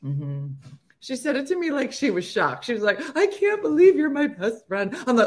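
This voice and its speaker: A woman in her forties hosting a casual morning show, animated and acting out what people say. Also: a little high, normal speed. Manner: animated, gasping and acting out quotes. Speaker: host.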